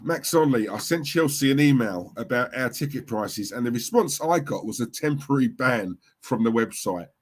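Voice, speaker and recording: A middle-aged man hosts a live football watchalong, reacting loudly to the play and reading out the chat. His voice sits in an ordinary middle pitch for a man. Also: moderate pace, hardly any pauses. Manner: animated, reacts loudly to goals and reads chat.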